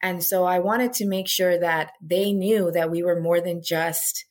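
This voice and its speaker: A woman's voice: on the low side, steady tone, unhurried. A middle-aged woman and former radio host, talking earnestly and reflectively as an interview guest, with frequent "you know" asides. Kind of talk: casual interview conversation.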